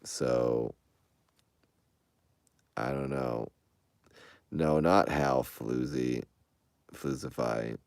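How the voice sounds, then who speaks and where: With a rumbling low, steady, slightly mellow voice full of vocal fry, a man speaks very slowly with long pauses as he casually answers viewer comments. He's rambling and defensive, frequently restarting, and the smooth audio has no echo.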